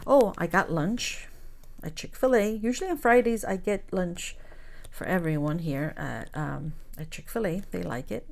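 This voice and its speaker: This crafting host has a fairly low, darkish voice with vocal fry, animated but at normal speed. Chatting casually with her viewers, she tells stories, calls them "guys," and sometimes drops to a whisper.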